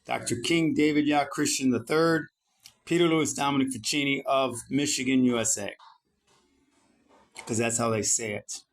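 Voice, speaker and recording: A man's voice: medium pitch, steady tone, normal speed. A middle-aged man from Italy, talking in a brash, combative monologue full of swearing while he edits his page. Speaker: founder and vlogger. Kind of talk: profane self-promoting monologue while editing a page.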